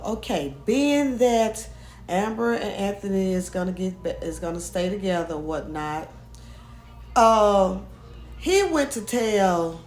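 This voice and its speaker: A woman's voice: mid-range voice, a little mellow. Chatty woman vlogger in an echoey room. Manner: chatty and opinionated, many restarts, talks straight to viewers. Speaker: vlogger recapping a show. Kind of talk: casual gossipy recap.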